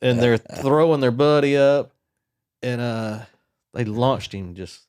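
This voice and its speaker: Animated storytelling man, dry close sound. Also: medium pitch, slow, smooth, no echo. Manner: animated, rambling, self-mocking, acts out voices in stories. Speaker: podcast co-host. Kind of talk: casual storytelling.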